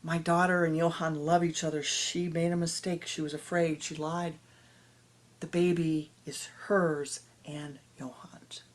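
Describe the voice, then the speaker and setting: A woman voicing an alarmed village father who loudly calls on a crowd to stop, repeating himself urgently. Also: sits low, little pitch movement, measured pace. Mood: urgent shouting.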